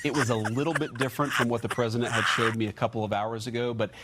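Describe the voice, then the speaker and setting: Man, political interview clip, fast talker, loud noise behind. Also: mid-range voice, fairly even intonation. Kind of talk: broadcast interview answer. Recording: noisy archive clip.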